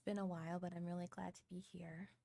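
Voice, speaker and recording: A woman's voice: on the low side, flat delivery, quick pace, creaky, warm tone, no echo. A young woman illustrator chatting casually on a live art stream, hesitant with lots of ums and frequent laughs, into a desk microphone.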